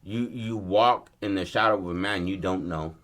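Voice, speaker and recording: A man with a fairly low voice pitches a story in relaxed podcast chat. He talks loosely and swears freely, and he drops into quick character lines as he goes. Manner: laid-back, profane, acts out lines in his story. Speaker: podcast co-host.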